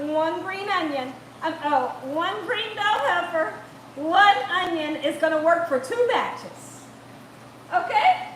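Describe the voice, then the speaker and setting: A woman's voice: very high-pitched, a bit bright, echoey room, a little hiss or hum, low-quality recording. A woman hosting a live cooking stream, chatty and laughing often as she reads the chat aloud. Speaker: cooking channel host. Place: home kitchen.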